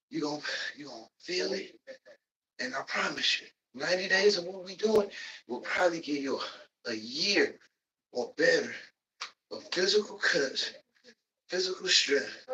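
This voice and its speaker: Panting through his own workout, a man livestreams a session, shouting encouragement and breaking into loud whoops. He speaks in an animated but unhurried way with frequent pauses, his bright voice raised slightly higher than usual for a man. He sits far from the microphone.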